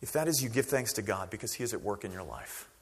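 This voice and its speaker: A man preaching a sermon as pastor, conversational and animated, acting out quoted voices. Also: fairly low pitch, quick pace, breathy edge, big-room sound.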